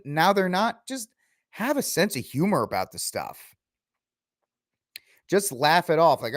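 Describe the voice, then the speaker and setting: A man's voice: fairly high pitch, very animated, moderate pace, long pauses, no room sound, clean studio sound. A man hosting his own podcast, giving a ranting, sarcastic solo commentary with mocking asides. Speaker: podcast host.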